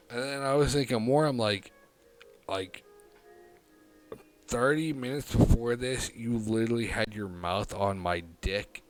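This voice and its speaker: A man's voice: mid-range voice, a little slow, long pauses, no echo. Profane man rambling through a story. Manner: profane, rambling anecdote with frequent fillers; animated, swings between hushed and loud. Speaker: livestream host. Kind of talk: casual livestream storytelling.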